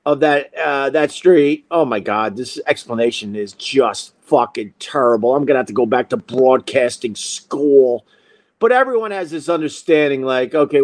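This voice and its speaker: A man's voice: fairly high pitch, no echo. A man telling a comic story in a profane, self-mocking monologue as host.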